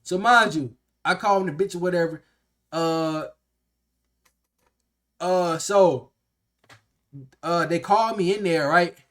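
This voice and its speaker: A man's voice: sits high, slow pace, long pauses. Fired-up young man telling a story. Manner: animated, slangy and profane, acts out quotes. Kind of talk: casual storytime vlog.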